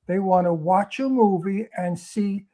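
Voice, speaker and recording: A man's voice: sits high, measured pace, mellow. A man with a Brooklyn accent, an actor guest talking bluntly and emphatically in a talk show interview.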